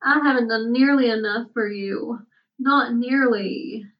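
A woman's voice: on the high side, takes it slowly, distant mic, highs cut off, pitched above the performer's own voice. A woman voicing an anxious, tender woman who pleads and breaks into tears. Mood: tearful.

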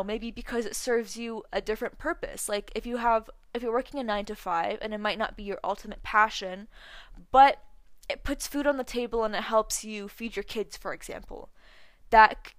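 A woman's voice: fairly high pitch, a bit bright, dry recording. A twenty-one-year-old woman hosting a solo podcast, chatting casually with a slight lisp and lots of fillers. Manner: chatty, lots of likes and ums. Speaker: podcast host.

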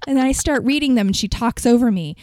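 A woman's voice: a little high, fast talker, no room sound, studio quality. A young woman in casual chat, telling stories about her work as a store manager and acting out callers with a sugary, mocking voice. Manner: animated, mimics callers in a sugary voice.

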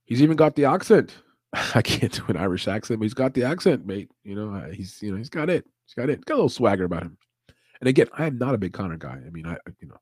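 Casual male podcast host, a bit low-pitched, swears freely, laughs a lot, dry close sound. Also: big pitch swings, fast, darkish tone, breathy edge, no echo. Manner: loose, profane, laughs often. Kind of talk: casual livestream chat.

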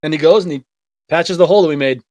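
A man's voice: on the high side, fast talker, darkish tone, no room sound. A man with a Boston accent from Revere, co-hosting a casual podcast chat and telling stories with some swearing. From Revere, Massachusetts. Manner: swears freely, tells stories. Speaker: podcast co-host.

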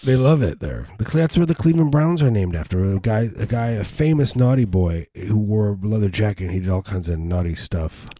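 A man's voice: on the low side, animated, brisk, few pauses, mellow. A man from the Chicago area in an improvised comedy chat, joking and slipping into silly put-on voices. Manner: jokey, slips into put-on voices.

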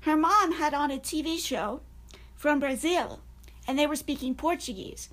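High-voiced woman telling stories animatedly. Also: normal speed. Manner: animated storyteller, laughs often. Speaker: podcast co-host. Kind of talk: casual chat.

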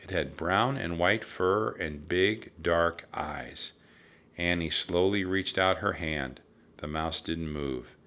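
A man reading a children's storybook aloud in a measured, expressive way. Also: low-pitched. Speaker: narrator.

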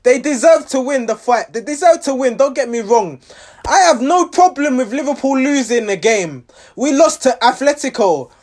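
A man's voice: very high-pitched, lively intonation, normal speed. A man giving a rambling, exasperated reaction to his team's match, restarting his sentences often. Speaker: football fan reviewing a match.

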